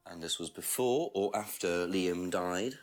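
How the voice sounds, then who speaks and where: An actor playing a calm male police inspector in a detective video game, questioning a suspect in a measured and persistent way. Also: low voice, faint music behind. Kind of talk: FMV game acting.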